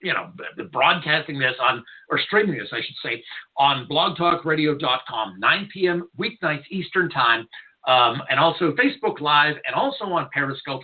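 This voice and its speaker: A man's voice: a little high, lively intonation, normal speed. Give me a blunt, rambling man ranting as a radio host, on tinny phone-like audio. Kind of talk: opinionated radio monologue. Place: radio studio.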